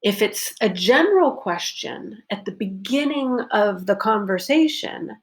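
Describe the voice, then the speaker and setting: Woman pronunciation teacher, slow careful delivery, gravelly fry. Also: medium pitch, expressive. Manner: slow, careful, repeats example sentences. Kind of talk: unscripted pronunciation lesson.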